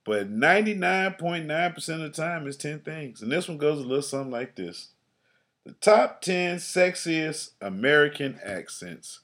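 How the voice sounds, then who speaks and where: A man's voice: fairly high pitch, big pitch swings, normal speed, a bit bright. A man co-hosting a casual comedy podcast, talking loosely and profanely, laughing often and stammering into his points. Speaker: podcast co-host.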